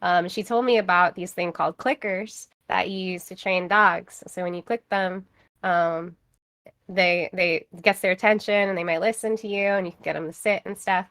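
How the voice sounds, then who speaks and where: A woman player in a tabletop role-playing game explains her character's move in an easy, chatty way. She hesitates with ums and laughs along with the table. Her voice sits on the low side for a woman. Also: fairly even intonation, moderate pace, fairly bright tone. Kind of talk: casual game chat.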